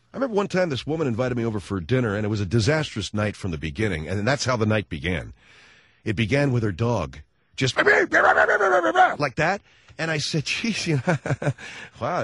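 A man's voice: medium pitch, fairly bright tone, dry recording. A man hosting a radio talk show, telling a sardonic comic rant in a studio. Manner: sardonic, ranting storyteller. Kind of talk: comedic radio monologue.

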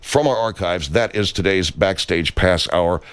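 A man's voice: deep voice, a little slow, a bit bright, clean tone, dry recording. A man hosting a comedic radio talk show with wry, exasperated banter.

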